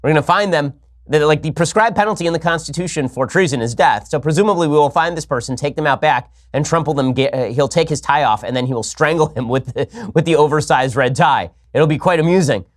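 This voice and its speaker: A man hosting a political commentary show, talking in a rapid, sarcastic, argumentative way. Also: fairly high pitch. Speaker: host.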